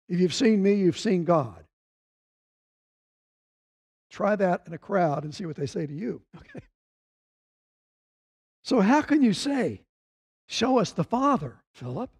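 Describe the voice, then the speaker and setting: A man's voice: high-pitched, mellow. A man preaching a Sunday sermon, reading scripture aloud and lifting his voice when he quotes the speakers. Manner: reads scripture aloud, quoting voices with rising emphasis. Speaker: pastor.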